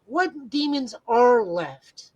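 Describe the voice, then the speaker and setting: A man's voice: extremely high pitch, animated, extremely slow, highs cut off. A man co-hosting a casual podcast, talking at length in an enthusiastic, rambling way. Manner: rambling, enthusiastic fan talk. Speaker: podcast co-host.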